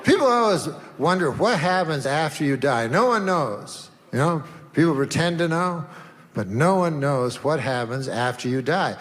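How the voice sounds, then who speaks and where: A man with a fairly high voice muses through a stand-up routine, setting up his jokes patiently. A long hall reverb and faint background noise surround him. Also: lively intonation, moderate pace, a bit bright. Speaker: stand-up comedian. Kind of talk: stand-up set.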